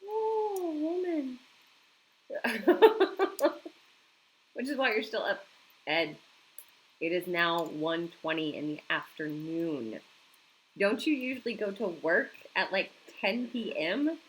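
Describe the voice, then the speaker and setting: A woman's voice: fairly low pitch, expressive, unhurried, fairly bright tone, poor audio. A woman chatting casually on a home live stream, reacting to viewer comments and laughing often.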